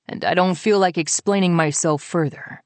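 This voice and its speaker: A woman's voice: on the low side, moderate pace, no room sound, close to an everyday voice. A woman voicing a stern, possessive man who speaks curtly and with menace in an audiobook. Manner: curt, menacing. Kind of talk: audiobook character voice.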